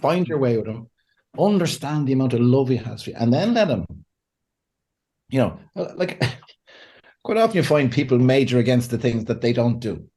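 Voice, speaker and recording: A man, a pastor and counselor, talking as a podcast guest in a lively way, often laughing and acting out what people say. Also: medium pitch, normal speed. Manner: animated, laughs often, acts out quotes. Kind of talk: conversational podcast interview.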